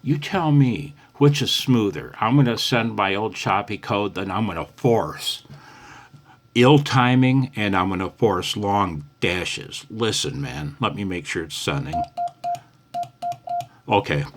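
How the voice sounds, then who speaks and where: Slow, deep-voiced older man teaching radio. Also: expressive. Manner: chatty, laughing, calls listener "man". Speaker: ham radio instructor. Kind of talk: casual video lesson.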